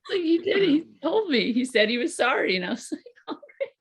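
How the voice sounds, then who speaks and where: A woman's voice: high-pitched, very animated, brisk. A woman who is a guest comedian, chatting casually on a podcast, laughing often as she tells family stories.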